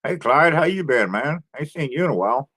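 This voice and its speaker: A man hosting a casual live stream, greeting viewers one by one and chatting about his day in a relaxed, folksy way with frequent sighs. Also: a little high, fairly quick, slightly rough. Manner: homespun rural speech. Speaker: livestream host.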